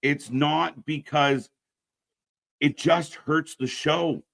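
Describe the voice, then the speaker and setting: Brash, bright-voiced wrestling stream host. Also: male voice, steady tone, very slow, creaky. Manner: blunt, ranting, swears freely; pitches channel shows to viewers. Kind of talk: casual live-stream commentary.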